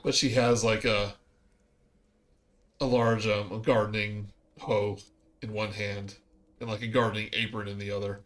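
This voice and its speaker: A man's voice: lowish voice, little pitch movement, moderate pace, long pauses. A man narrating as game master for a tabletop game, talking casually with many fillers and restarts.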